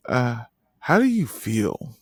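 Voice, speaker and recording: A man's voice: medium pitch, wildly swooping pitch, slow pace, husky, no room sound, studio quality. A man hosting a podcast in a casual chat, easygoing and teasing, often laughing. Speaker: podcast host.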